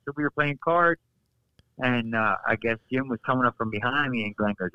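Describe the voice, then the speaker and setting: Animated man telling wrestling stories. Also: normal speed, no room sound, highs cut off. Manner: animated, acts out quotes with raised pitch. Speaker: podcast guest, former wrestler. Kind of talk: casual storytelling.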